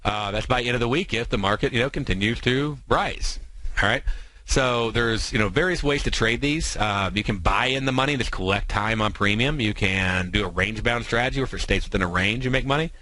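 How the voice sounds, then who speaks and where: An American man hosting a trading show, explaining strategies in quick, filler-heavy talk. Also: mid-range voice, pushed and bright, low-quality recording. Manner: talks fast, many fillers and asides.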